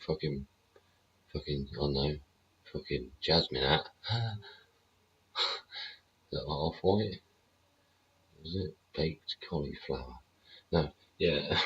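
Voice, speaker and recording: A man's voice: extremely low pitch, slightly rough. A man hosting a show, ranting bluntly and sarcastically with heavy swearing. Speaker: show host. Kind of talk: ranting livestream commentary. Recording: dull lo-fi audio.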